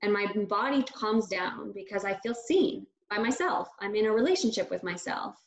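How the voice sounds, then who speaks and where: A woman therapist explaining coping skills in a brisk, upbeat way, answering her own quick questions. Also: mid-range voice, animated, roomy sound, rough recording. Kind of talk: conversation about coping between colleagues.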